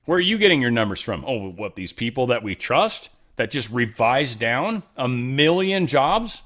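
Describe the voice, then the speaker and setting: Sarcastic, animated male commentary host. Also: medium pitch, normal speed. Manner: animated, joking asides, sarcastic, frequent fillers and restarts. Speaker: political commentary show host. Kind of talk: casual opinionated commentary.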